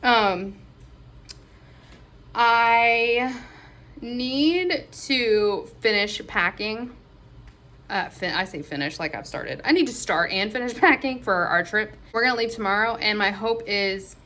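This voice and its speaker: A woman vlogger chatting casually to her viewers in a gushing, excitable way, often gasping. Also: medium pitch, unhurried. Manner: gushing and excitable, with frequent gasps. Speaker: crafting vlogger. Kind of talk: casual vlog chat.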